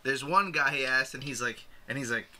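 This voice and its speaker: Rambling bright-voiced man. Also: mid-range voice, a little fast. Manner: rambling, lots of "like", crude jokes. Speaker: podcast co-host. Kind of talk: casual movie discussion.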